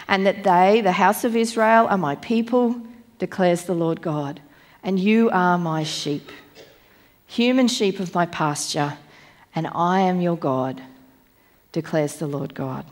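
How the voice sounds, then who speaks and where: A woman with a somewhat low voice delivers a church sermon. She reads scripture aloud in a measured, deliberate way. She slows down and presses on the key phrases. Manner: measured, emphatic reading with slowed key phrases. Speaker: preacher.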